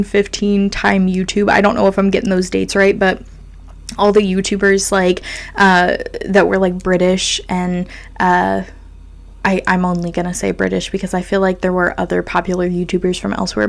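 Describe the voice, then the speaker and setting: A woman's voice: medium pitch, gravelly. A young woman in her twenties hosting a podcast, talking in a chatty, rambling, self-deprecating way. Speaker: podcast host. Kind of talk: casual chat. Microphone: video podcast mic.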